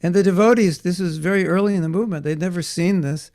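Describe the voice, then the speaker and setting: Brief: man telling children stories, a little high, gravelly, acts out quotes. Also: fast talker. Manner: animated, acts out voices in quotes. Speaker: teacher. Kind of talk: storytelling class for children.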